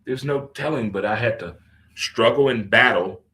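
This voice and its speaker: A man hosting a casual talk radio show, joking and animated, swinging between loud outbursts and low muttering. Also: normal speed. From St. Louis.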